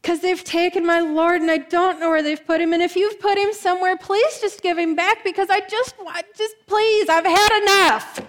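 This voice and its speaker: A woman voicing a grieving young woman who weeps and pleads at a tomb, high and loud. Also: big-room sound.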